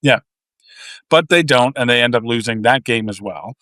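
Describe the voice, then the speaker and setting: A man's voice: medium pitch, normal speed, sharp tone, no echo. A man from Canada co-hosting a casual movie podcast, recapping the plot bluntly and swearing freely. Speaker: podcast co-host.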